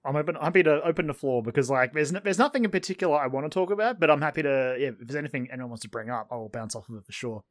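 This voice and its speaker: Casting: fast-talking man, lively pitch, excitable gaming podcast co-host. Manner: excitable, quick, laughing. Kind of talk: casual gaming podcast chat.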